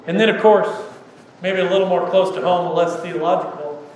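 A man's voice: high-pitched, steady tone, normal speed, a little mellow. Conversational preaching man in an echoey hall. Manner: conversational, rhetorical "right?" asides. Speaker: pastor. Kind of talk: sermon. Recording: echoey hall, distant mic, faint noise.

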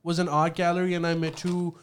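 A man's voice: on the high side, completely flat delivery, brisk, clean tone. A man in casual chat, telling stories animatedly and swearing freely.

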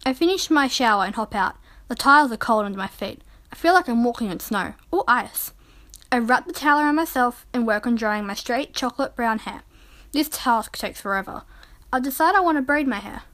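A woman narrating a first-person story in a calm, measured reading voice. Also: on the high side.

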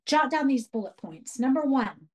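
A woman's voice: high voice, animated, normal speed, rough recording. A woman leading a Bible study for a women's group, earnest and emphatic, repeating key phrases as she teaches. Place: church radio program.

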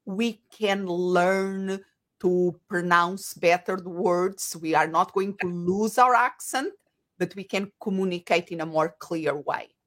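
A woman, an English speaker, talking as an interview guest and often pausing to search for words. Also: fairly low pitch. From Portugal. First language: Portuguese. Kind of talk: conversational interview.

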